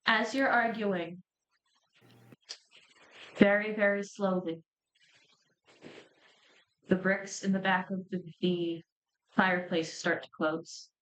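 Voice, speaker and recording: A woman narrating as game master of a tabletop game, pausing and restarting as she describes scenes. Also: medium pitch, fairly even intonation, a bit bright, rough recording.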